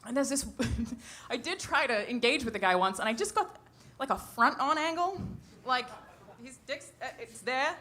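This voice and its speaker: Brash, bright-voiced woman doing stand-up. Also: sits high, expressive, normal speed. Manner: brash, profane, laughs at her own jokes. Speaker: stand-up comedian. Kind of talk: stand-up comedy set. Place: comedy stage before a live audience.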